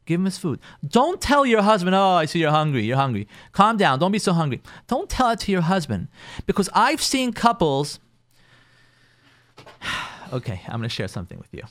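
A man's voice: high voice, very animated, normal speed, pauses often, fairly bright tone, no room sound. A man, a rabbi hosting a call-in advice show, telling a counseling story and giving advice, repeating phrases for emphasis. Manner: acts out quoted people in shifting voices.

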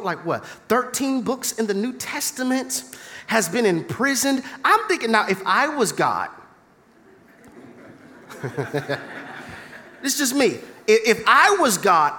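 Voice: medium pitch, pushed and bright. A preacher delivering an impassioned call-and-response sermon with humor. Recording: long hall reverb.

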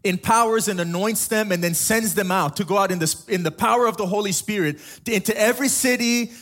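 A man's voice: sits high, brisk, a bit bright. A young adult man from Africa, a pastor giving a sermon in a casual, storytelling way with humorous asides.

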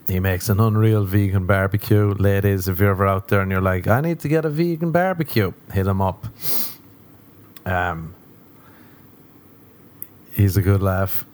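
A man's voice: low voice, darkish tone, slight background noise. A young Irish man hosting a casual solo podcast, rambling and wry with plenty of swearing, talking from home. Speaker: podcast host.

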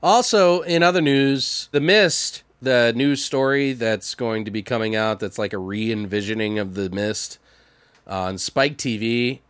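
A man's voice: medium pitch, measured pace, fairly bright tone, clear, resonant tone, no echo. A man co-hosting a casual podcast, swearing a lot and rambling through horror news, a bit tipsy. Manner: profane, rambling, jokey. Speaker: podcast co-host.

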